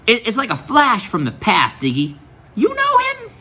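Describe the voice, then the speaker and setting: A man reading aloud as a coarse adult woman who smokes, brash and loud-voiced. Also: very high voice, wildly swooping pitch, normal speed, voice pushed up, full character voice.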